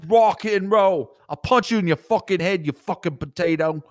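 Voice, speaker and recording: A man's voice: low voice, expressive, measured pace. A man putting on a brash, foul-mouthed British bloke, swearing and making rowdy threats as a comic podcast bit.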